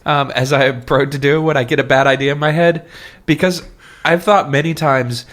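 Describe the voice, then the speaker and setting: A man's voice: on the high side, normal speed. A man co-hosting a podcast, laughing often and joking about himself in casual chat. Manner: laughs often, self-deprecating, animated. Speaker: podcast co-host.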